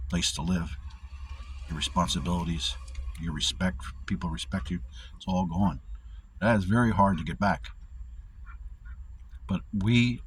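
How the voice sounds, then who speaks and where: A man with a low, deep voice talks through his faith in a loose, rambling way, circling back and restarting his thoughts. His humor is dry and deadpan. Faint noise hums under the recording. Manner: rambling, candid, with frequent restarts and self-talk. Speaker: vlogger sharing faith encouragement. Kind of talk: casual devotional talk.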